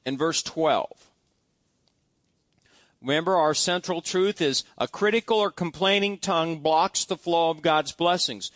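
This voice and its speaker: High-voiced preacher asking his flock questions. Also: measured pace, fairly bright tone, dry recording. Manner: conversational, asks the congregation questions. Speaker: pastor. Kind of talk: sermon. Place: church.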